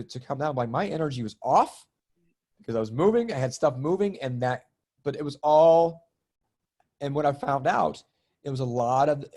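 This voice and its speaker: A man's voice: mid-range voice, a little mellow. A middle-aged man guesting on a spiritual podcast, telling a story in casual chat and acting out his own quoted lines, with the odd swear word.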